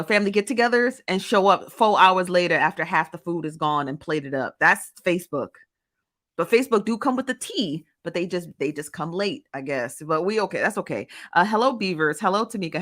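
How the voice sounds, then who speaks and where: A woman's voice: on the low side, a bit bright. A young adult woman hosting a live gossip show, chatting casually with viewers and reading their comments aloud with easy laughs. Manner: chatty, laughs often, drawn-out Southern-style slang, reads comments aloud. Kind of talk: casual live-stream chat, greeting viewers.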